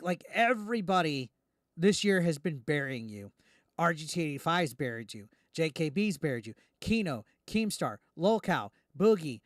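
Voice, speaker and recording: A man hosting a reaction commentary, ranting indignantly and quickly, tripping over restarts as he talks. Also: high-pitched, dry recording, studio quality. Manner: heated, indignant, fast with repeated restarts. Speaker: YouTube commentary host.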